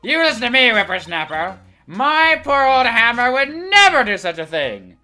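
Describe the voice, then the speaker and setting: A shrill, crabby old woman bellows her boasts and scoldings, dragging out the words. A woman puts her on while playing a game. The voice rides high and loud above the player's own low tone. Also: big pitch swings, normal speed, faint music behind. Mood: indignant. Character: cranky loud elderly woman, boastful and crude.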